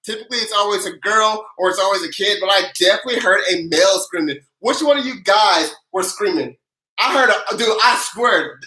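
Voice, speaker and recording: Bright, hyped-up livestream tax host. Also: mid-range voice, moderate pace, reverberant, rough recording. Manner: energetic and playful, with casual slang, chanting and countdowns; greets viewers by name. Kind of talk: hyped-up livestream chat and news recap.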